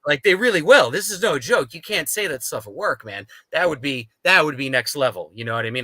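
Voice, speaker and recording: Bright-voiced New man telling stories. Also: medium pitch, fairly quick, no echo, poor audio. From United States. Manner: animated, acts out quoted dialogue. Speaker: guest. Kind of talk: casual storytelling.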